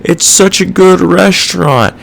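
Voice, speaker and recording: A man's voice: high voice, unhurried, vocal fry, fairly bright tone, voice pushed up, heavily acted. A man imitating a clueless, self-deluded male restaurant owner in a whiny, oblivious voice.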